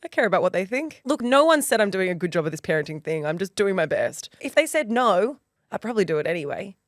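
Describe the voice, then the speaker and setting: A woman's voice: medium pitch, big pitch swings, fast, dry recording, clean studio sound. Playful woman in her thirties. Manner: playful, self-deprecating storyteller. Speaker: podcast co-host. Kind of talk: casual chat.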